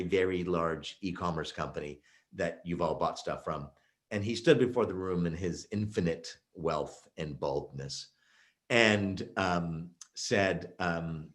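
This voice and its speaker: A man giving a virtual keynote presentation, telling stories emphatically with lots of fillers. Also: deep voice. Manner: energetic, emphatic storyteller with many fillers. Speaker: keynote speaker.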